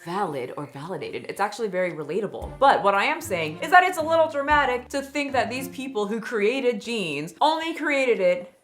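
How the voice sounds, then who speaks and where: A woman's voice: mid-range voice, very animated, fast, hardly any pauses, a bit bright. Sarcastic woman doing video commentary, faint music. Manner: sarcastic, self-deprecating. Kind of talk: scripted commentary.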